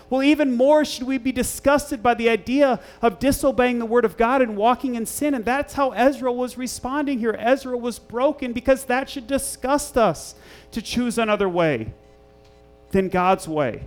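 A man's voice: extremely high pitch, normal speed. A male pastor reading scripture aloud and preaching in a church, earnest and emphatic, repeating key phrases and asking the congregation rhetorical questions. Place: church sanctuary.

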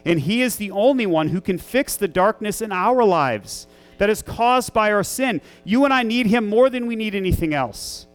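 Pastor, man, a parent, high clear tenor; earnest emphatic sermon, leans on repetition. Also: animated, normal speed. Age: young adult to middle-aged, a parent. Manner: earnest, emphatic, repeats key phrases.

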